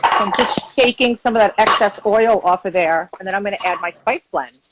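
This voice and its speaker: A woman from Long Island, New York, works as a guest chef in a home kitchen, chatting relaxedly through a cooking demonstration with lots of "like" fillers. Her voice is medium-pitched at normal speed, with background noise.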